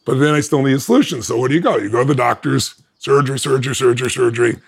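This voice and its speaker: A man who is a podcast guest, telling a personal story in an animated way. He laughs between lines and acts out what other people said. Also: mid-range voice, racing, vocal fry, slightly rough.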